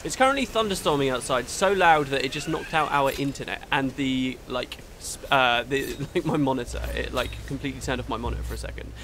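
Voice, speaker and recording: Bright-voiced young man narrating gameplay. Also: mid-range voice, slight background noise. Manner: chatty and rambling, quick reactions to gameplay. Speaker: let's play host. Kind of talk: gameplay commentary. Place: home room during a thunderstorm. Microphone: desktop mic recorded in Audacity.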